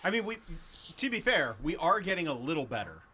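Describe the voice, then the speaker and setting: A young man co-hosting a casual gaming podcast, animated and jokey, laughing at himself. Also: fairly high pitch, a little fast, crowd noise. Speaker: podcast co-host. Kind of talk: casual chat.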